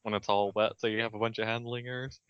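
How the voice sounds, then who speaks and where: A man's voice: lowish voice, level tone, fast talker, clear, resonant tone, no echo. A man joking playfully in a casual podcast chat, stammering as he restarts. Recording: dry, dull lo-fi audio.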